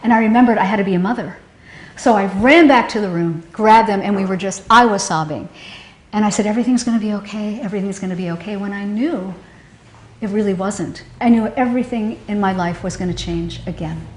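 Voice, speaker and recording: A woman telling a painful personal story, halting and emotional, often restarting her sentences. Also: medium pitch. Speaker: storyteller recounting a personal loss. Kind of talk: personal testimony. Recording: roomy echo.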